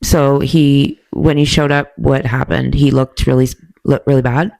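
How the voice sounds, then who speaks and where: A woman hosts a casual interview in a very low voice with a gravelly edge. She is blunt, swears freely and keeps things moving with quick questions. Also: steady tone, a little mellow. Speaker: podcast host.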